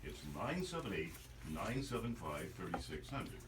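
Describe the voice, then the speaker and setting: Joking radio host, lively low voice. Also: male voice, moderate pace, recorded from a distance, background noise. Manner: joking, reads promos. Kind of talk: morning radio banter.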